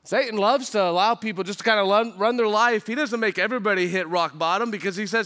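A man preaching a sermon as pastor, earnest and urgent, asking the listeners questions and acting out what they might say, dropping low and quiet for emphasis. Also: fast talker, hardly any pauses. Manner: earnest preaching with rhetorical questions and quoted voices.

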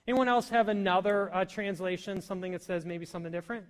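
High-pitched guy preaching in a church, keeps asking the crowd stuff, reverby hall. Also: fast talker. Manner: animated preaching, asks the congregation questions. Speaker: pastor. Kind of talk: sermon.

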